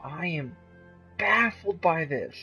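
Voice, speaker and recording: A man's voice: a little high, animated, slow pace, creaky, rough recording. A man streaming a video game, rambling and joking in casual commentary and easily astonished by what he sees on screen. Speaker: gaming streamer. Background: loud video game music.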